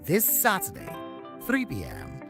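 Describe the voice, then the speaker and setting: A woman narrating a dramatic television promo in a slow, emphatic, swooping delivery. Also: a bass voice, wildly swooping pitch, creaky. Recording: over loud background music.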